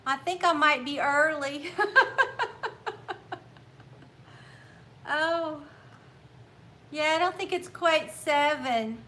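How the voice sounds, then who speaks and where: A high, bright middle-aged woman hosts a casual craft livestream. She talks in an unhurried, cheerful way and warmly greets viewers one by one, reading their names and comments aloud into her computer mic. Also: slight background noise. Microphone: laptop or phone mic.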